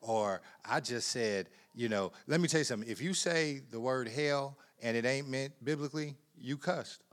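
A man preaching a sermon in a conversational way, repeating words, laughing often, and swinging from quiet asides to loud emphatic bursts. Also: mid-range voice, normal speed, few pauses.

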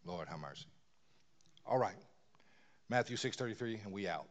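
A man preaching a sermon, dropping to near-whispers and then rising to loud emphatic bursts, often repeating words as he builds. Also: on the low side, animated, normal speed.

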